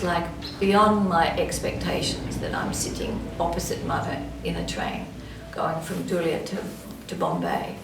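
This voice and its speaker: A woman recounts a personal memory with lively, animated telling. Her voice has a gravelly edge, heard from a distance in an echoey room with clear background noise. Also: fairly low pitch. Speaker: interviewee. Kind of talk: storytelling reminiscence.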